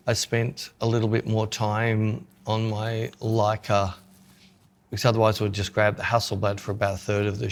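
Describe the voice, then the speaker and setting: A man co-hosting a podcast in casual chat, joking and self-mocking as he talks through his photography gear. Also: fairly low pitch.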